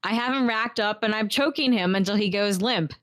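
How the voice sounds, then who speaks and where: A woman's voice: medium pitch, a little fast, no room sound, studio quality. A woman playing a tabletop game, speaking casually and laughing. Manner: playful, laughs. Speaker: player.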